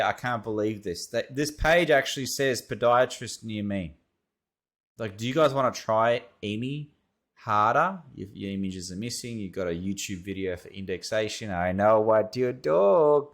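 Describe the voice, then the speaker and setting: A man's voice: medium pitch, lively intonation, measured pace. A man with an Australian accent reviewing websites as an SEO consultant, thinking aloud in a casual, rambling way. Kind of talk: casual screen-share commentary.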